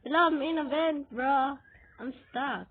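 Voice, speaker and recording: A woman giving excitable gaming commentary while she plays, shrieking when scared and giggling. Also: high voice, a little slow. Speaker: Roblox player. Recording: tinny lo-fi capture with noise.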